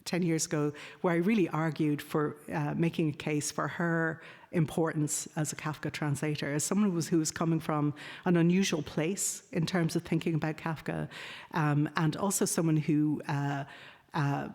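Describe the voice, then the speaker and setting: A woman's voice: low voice, fairly even intonation, moderate pace, a little mellow. A woman giving an academic lecture, hesitating often with ums and uhs as she corrects herself. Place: lecture hall. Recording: reverberant lecture hall.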